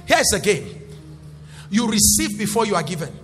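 A male pastor preaching a sermon in call-and-response style, rising to shouts. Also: high-pitched, very animated, normal speed. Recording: echoey hall with faint music.

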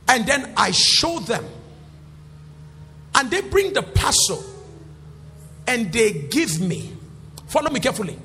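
A male pastor preaching a sermon in call-and-response style, rising to shouts. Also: very high-pitched, very animated, slow pace, pauses often. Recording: echoey hall with faint music.

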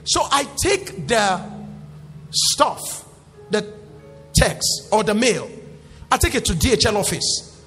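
A male pastor preaching a sermon in call-and-response style, rising to shouts. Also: sits high, very animated, slow pace, long pauses. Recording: echoey hall with faint music.

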